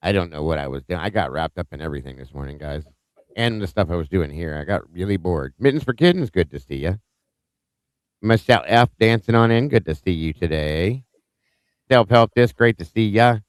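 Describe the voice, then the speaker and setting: A man's voice: sits low, lively intonation, brisk, smooth, dry recording. A man hosting a live true-crime stream, chatting casually and upbeat as he greets viewers by name, with small stumbles, on a close mic.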